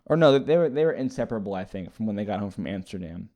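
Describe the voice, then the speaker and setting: A man's voice: fairly low pitch, animated, fast, mellow. A man casually retelling a movie plot as a reviewer, rambling and hesitant with many fillers and restarts. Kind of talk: casual spoken movie recap.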